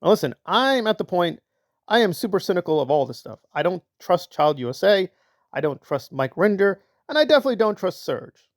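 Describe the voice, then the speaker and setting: A man's voice: high-pitched, big pitch swings, a little fast, no echo, clean studio sound. A man hosting a commentary channel, talking sarcastically and mocking the people he discusses. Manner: sarcastic, mocking impressions of others. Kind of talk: reaction commentary.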